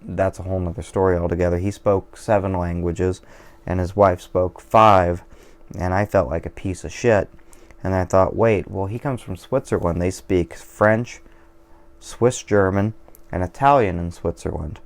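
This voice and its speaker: Brief: male vlogger, deep and gravelly, loose digressive monologue, swears freely, pokes fun at himself. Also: steady tone, normal speed. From Washington State, USA. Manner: digressive, profane, self-deprecating. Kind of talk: casual rambling monologue over beer.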